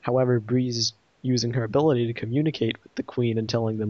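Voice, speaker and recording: A man's voice: medium pitch, steady tone, quick pace, a little mellow, no echo, highs cut off. A man casually reviewing an episode, retelling the plot in a rambling way and voicing quoted lines.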